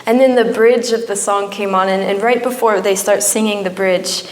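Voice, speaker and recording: A woman's voice: medium pitch, fairly even intonation, moderate pace. A young woman giving an emotional personal testimony at a church, her storytelling rising at times into pleading. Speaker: church speaker. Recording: echoey church hall.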